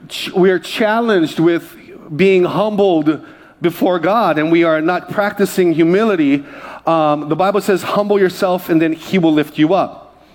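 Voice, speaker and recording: A man pastor preaching a conversational sermon and joking with the congregation. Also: high voice.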